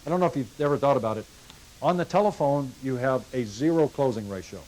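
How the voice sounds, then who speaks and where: A man's voice: mid-range voice, lively intonation, quick pace, darkish tone, rough recording. A middle-aged man leading a car sales training session in a folksy way, acting out calls with customers. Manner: folksy, acts out customer dialogue. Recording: hissy 1990s VHS tape.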